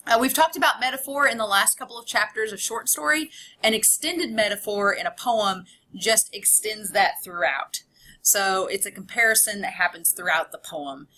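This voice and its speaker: A woman college instructor talks her class through a recorded lecture, her voice bright and clear. She explains in a relaxed, conversational way, full of examples and little asides. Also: medium pitch.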